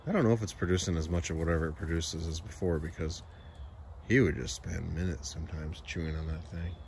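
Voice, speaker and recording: A man's voice: low-pitched, steady tone, fast talker, a little mellow. A man chatting casually to his cat while walking through backyard woods and fields. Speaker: cat owner vlogger. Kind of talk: casual walk-and-talk vlog. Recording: outdoor background noise in the woods.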